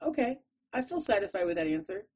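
Mellow-voiced Chicago woman, playful. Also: mid-range voice, sing-song, slightly rough. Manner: playful, rambling, quick to laugh. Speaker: podcast co-host. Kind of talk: casual chat.

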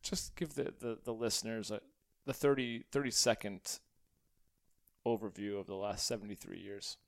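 A young adult man hosting a podcast and interviewing his father, playful and quick to laugh. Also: fairly low pitch, fairly even intonation, creaky, no room sound. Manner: playful, laughs often, upbeat. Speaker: podcast host.

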